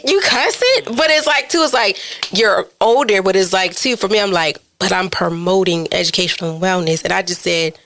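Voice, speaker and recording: Bright-voiced young woman podcast host. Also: on the low side, normal speed. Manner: animated, chatty, acts out her own inner voice. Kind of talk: casual podcast chat.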